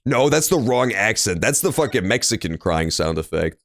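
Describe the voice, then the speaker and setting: A man's voice: fairly low pitch, big pitch swings, moderate pace, few pauses, a bit bright. A young man streaming a courtroom game, joking crudely and rambling while he plays. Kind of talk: casual let's-play commentary. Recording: dry room with faint game music.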